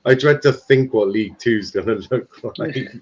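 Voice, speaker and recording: A man's voice: medium pitch, moderate pace, lo-fi sound, a little hiss or hum. A man hosting a live football stream, chatting casually with loose banter, swearing and restarts. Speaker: stream host.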